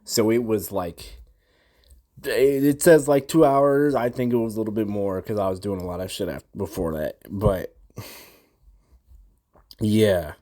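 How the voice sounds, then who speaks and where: Slow, low-voiced swearing young man. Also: mellow. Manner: profane, rambling, slangy. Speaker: gamer recapping a session. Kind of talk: casual ranting storytime. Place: his own room.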